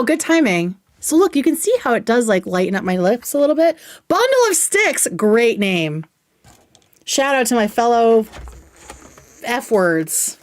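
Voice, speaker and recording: A young woman hosting a livestream, chatting casually and excitedly while reviewing makeup, swearing now and then. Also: fairly high pitch, no room sound. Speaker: livestream host.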